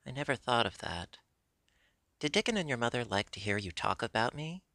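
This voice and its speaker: A man's voice: mid-range voice, very animated, brisk, sharp tone, no room sound. A man reading a curt, lonely little girl, in a dry, close audiobook recording.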